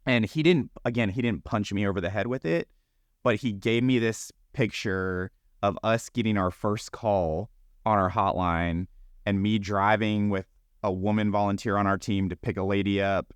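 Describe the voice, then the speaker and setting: A man's voice: on the low side, steady tone, normal speed, clear, resonant tone, no room sound. Earnest man giving a church testimony. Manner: earnest, reflective, with frequent restarts. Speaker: guest, ministry founder.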